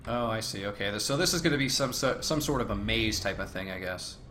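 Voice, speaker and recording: A man hosting a let's play, reading game text aloud between relaxed, casual remarks. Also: lowish voice, quick pace, slight background noise. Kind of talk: casual gameplay commentary.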